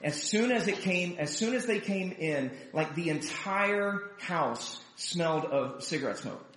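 High-voiced man preaching in a roomy hall. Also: a little slow. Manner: animated, chatty storyteller who acts out quotes. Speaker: pastor. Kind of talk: storytelling sermon. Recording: roomy echo.

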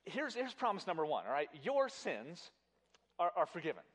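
A man's voice: a little high, moderate pace. Emphatic man preaching a sermon. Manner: emphatic, animated, repeats words, addresses congregation directly. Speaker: pastor.

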